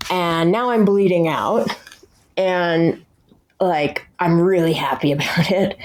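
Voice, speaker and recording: A woman's voice: fairly low pitch, darkish tone. Blunt, swearing young woman recounting recovery. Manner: blunt, swears freely, filler-heavy. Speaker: podcast guest. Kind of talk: candid recovery storytelling.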